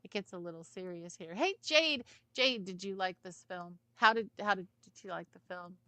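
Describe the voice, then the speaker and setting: A woman's voice: medium pitch, normal speed, sharp tone, dry recording. A woman co-hosting a casual film review chat, rambling with lots of "you know" asides. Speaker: film review podcast co-host.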